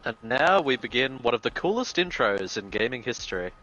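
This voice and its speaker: A man giving casual commentary on a game, eager to explain trivia about the cast and story. His voice is bright and forceful with very lively pitch movement, while his microphone sounds dull and lo-fi. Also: brisk. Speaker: co-streamer. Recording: dull lo-fi mic.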